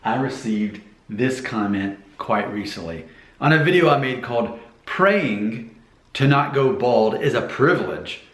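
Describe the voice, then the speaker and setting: An American man chats to his camera in a loose, rambling vlog style, full of fillers and self-promotion. His voice sits at an ordinary middle pitch. The room around him gives a noticeable echo. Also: animated, measured pace, a bit bright. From United States. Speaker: vlogger giving hair advice. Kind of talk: casual talking-head vlog.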